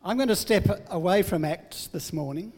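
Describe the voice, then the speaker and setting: A man's voice: sits high, normal speed, darkish tone, long reverb tail. Older man preaching with humor. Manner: humorous, self-deprecating storytelling. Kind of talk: sermon.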